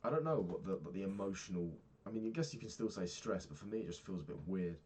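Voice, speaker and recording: Low-voiced young man rambling casually. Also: animated, fast talker, a little mellow, a little hiss or hum. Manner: rambling, frank, swears casually, many fillers. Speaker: vlogger. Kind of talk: casual daily vlog monologue.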